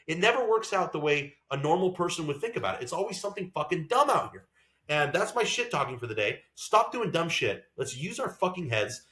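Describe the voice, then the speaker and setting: Man, fired-up profane rant, podcast co-host, voice swinging high and low, roomy echo. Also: a bit bright. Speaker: podcast co-host and racing driver. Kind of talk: casual podcast chat.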